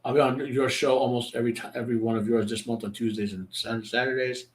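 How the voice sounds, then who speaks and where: A man's voice: mid-range voice, fairly even intonation, fast talker. Rambling storyteller man in an echoey room. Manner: rambling storyteller with many restarts. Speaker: podcast guest. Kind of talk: casual chat.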